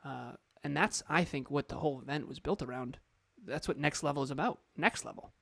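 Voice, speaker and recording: A man's voice: a little high, fairly quick, creaky, no room sound. A man co-hosting a motivational podcast, talking emphatically and repeating words for stress. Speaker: podcast co-host and coach.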